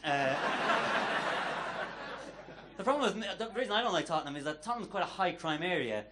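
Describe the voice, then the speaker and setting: Irish male comic, a touch high-voiced, chatty and hesitant, stage mic in a noisy club. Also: lively intonation, brisk. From Ireland. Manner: self-deprecating, chatty, with hesitant restarts. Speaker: stand-up comedian. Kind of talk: stand-up set. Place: comedy club stage before a live audience.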